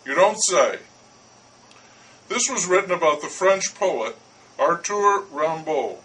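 A man's voice: on the high side, animated, takes it slowly, bright, forceful tone, recorded from a distance, rough recording. A man giving dry, scripted comic narration.

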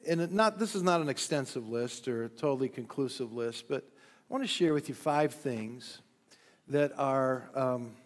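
A male pastor giving a sermon in a relaxed, conversational way, with lots of fillers and a touch of dry humor, recorded during a live-streamed church service. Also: mid-range voice, in a large hall. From United States. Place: church sanctuary.

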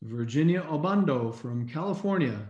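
A man's voice: a little high, lively intonation, moderate pace, a little mellow, dull audio. Upbeat man announcing names, echoey room. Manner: upbeat, clears throat often. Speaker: co-host reading recognition names. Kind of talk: live online recognition announcing. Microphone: video call. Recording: echoey room on a video call.

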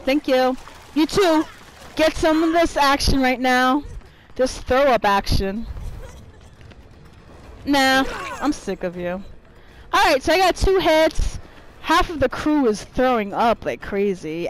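Animated, profane woman gaming. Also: sits high, takes it slowly, pauses often, a little hiss or hum, rough recording. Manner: profane, irritated trash talk at opponents. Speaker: gameplay streamer. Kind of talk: live gameplay commentary.

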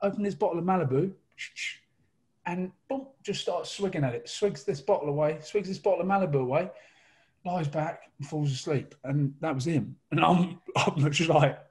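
Husky man telling a funny story. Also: a little high, normal speed, darkish tone. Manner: laughing, rambling storyteller. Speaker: guest storyteller. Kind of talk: casual comic anecdote.

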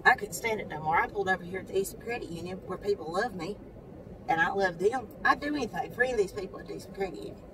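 A woman's voice: racing, recorded from a distance, noisy background. A mother, telling a story to the camera from her parked car, acting out what other people said. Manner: animated, talks to the camera, acts out others' lines in a high voice. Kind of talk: casual storytelling vlog. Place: parked car outside a credit union.

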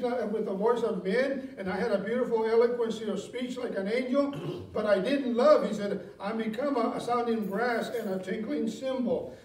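A man's voice: high-pitched, a little mellow. Guy preaching in church, chatty, laughs a lot, echoey hall sound. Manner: conversational preaching, reads scripture aloud, asks the congregation questions; chuckles often, many fillers and self-corrections. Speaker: pastor. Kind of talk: sermon. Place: church sanctuary. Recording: echoey room, voice from a distance.

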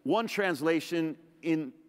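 A man preaching from the pulpit of a large church, his fairly high voice ringing with a long hall reverb. He talks emphatically, stacks up repeated phrases, and throws in quick asides to the congregation. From Middle Eastern background. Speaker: pastor. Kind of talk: sermon.

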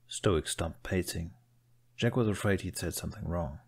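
Low-voiced man narrating a story. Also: normal speed, darkish tone. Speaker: fan fiction reader. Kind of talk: audiobook narration.

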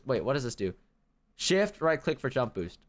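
A young man hosting a gaming channel, giving casual commentary as he plays and getting worked up over failed jumps. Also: mid-range voice. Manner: excitable, quick to rage, addresses viewers as guys. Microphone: desk microphone.

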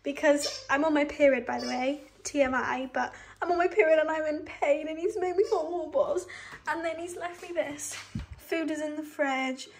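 A young British vlogger in her twenties chats casually to her phone camera in a small tiled bathroom at home, gushing and easily moved. Her high, light voice keeps a steady tone, brisk with vocal fry. The handheld, close sound echoes in the room and has a little hiss or hum.

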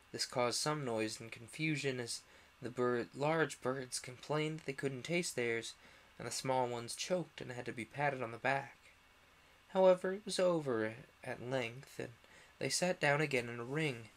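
A man's voice: mid-range voice, moderate pace, a little hiss or hum. Young man reading a storybook aloud. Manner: relaxed, with small slips and restarts. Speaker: streamer reading a book aloud. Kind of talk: casual storybook read-aloud.

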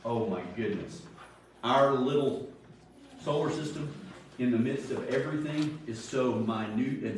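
A man preaching in an animated, storytelling way and acting out the people in his stories. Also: mid-range voice, a little hiss or hum. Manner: animated storytelling, acts out quotes. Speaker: Sunday school teacher. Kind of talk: sermon. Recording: very echoey room, far from mic.

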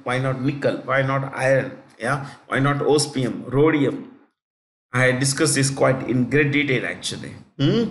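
A man lectures on current affairs, pausing to repeat names and numbers for students taking notes. His voice sits a little high for a man. The room around him gives a noticeable echo. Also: fairly bright tone. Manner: repeats key facts slowly for note-taking. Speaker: teacher. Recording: echoey room.

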